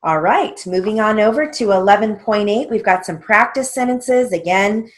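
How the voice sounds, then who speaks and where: A woman's voice: mid-range voice, moderate pace. A woman teaching court reporting steno theory, going through drills methodically and spelling out letters and keys. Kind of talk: instructional lesson walkthrough.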